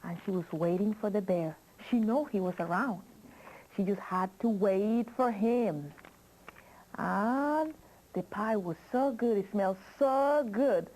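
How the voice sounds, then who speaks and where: A woman telling a children's story slowly and expressively, asking listeners questions. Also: mid-range voice, a little mellow, rough recording.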